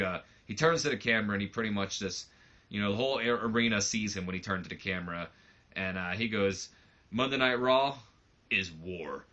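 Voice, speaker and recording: Bright-voiced man rambling through game commentary. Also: lowish voice, lo-fi sound. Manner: rambling, self-deprecating, lots of fillers. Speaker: let's play host.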